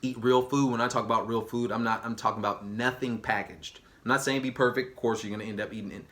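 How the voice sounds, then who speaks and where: A man vlogs in a loose, energetic way, full of slang and emphatic repeats. His pitch sits in an ordinary middle range for a man. He often slows down to stress his points. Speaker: vlogger. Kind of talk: casual direct-to-camera talk.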